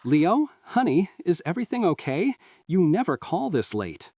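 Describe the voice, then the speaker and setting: A man voicing a gentle, patient middle-aged mother who speaks in soft, coaxing, pitying tones, heard through a dry, distant-sounding mic. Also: high-pitched, huge pitch swings, normal speed, slightly rough, dry recording, pitched above the performer's own voice, heavily acted. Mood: fussing.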